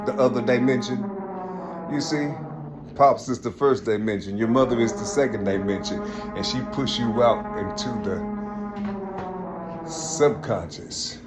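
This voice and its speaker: A man giving a rambling, preachy spiritual monologue in his home kitchen, repeating himself and growing fervent. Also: mid-range voice. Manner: repetitive, preachy, keeps saying "you see"; grows louder and more fervent. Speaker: vlogger. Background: loud music.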